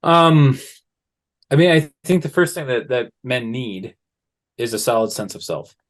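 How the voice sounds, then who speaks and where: A man speaking as a guest in a conversational interview, at a mid-range pitch. He talks in a relaxed, storytelling way and slips into the voices of the people he describes. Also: measured pace. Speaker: guest, men's work facilitator.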